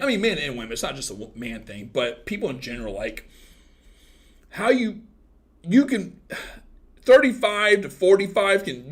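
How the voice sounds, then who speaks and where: Man, thirties, livestream host, crude teasing banter, lively bouncing pitch, slightly high voice. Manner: crude, teasing, joking with chat; swings from loud outbursts to mumbled asides. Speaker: livestream host chatting with viewers. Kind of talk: casual livestream chat.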